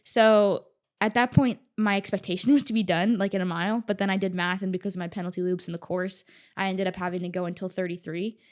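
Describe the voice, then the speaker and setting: A woman chatting as a podcast guest, her voice sitting at an ordinary middle pitch. She tells her story with animated energy, swears freely and breaks into laughs often. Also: fast talker. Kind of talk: casual chat.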